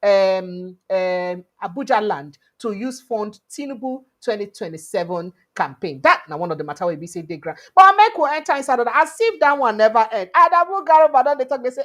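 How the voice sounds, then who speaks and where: A woman from Nigeria hosting a political talk show, speaking in Nigerian Pidgin and English, with animated commentary and lots of rhetorical questions. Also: on the high side, a little fast, few pauses. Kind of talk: lively news commentary.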